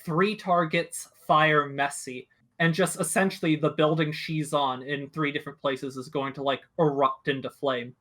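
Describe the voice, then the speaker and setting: A man's voice: a little high, steady tone, normal speed, few pauses, a bit bright. A man playing in a tabletop game, chatty and hesitant with fillers. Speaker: player. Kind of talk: casual tabletop play.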